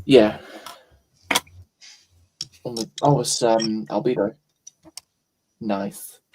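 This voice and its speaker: A man's voice: on the low side, steady tone, very slow, noisy background. A man from England chatting casually, rambling and searching for words. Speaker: co-host. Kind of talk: casual chat.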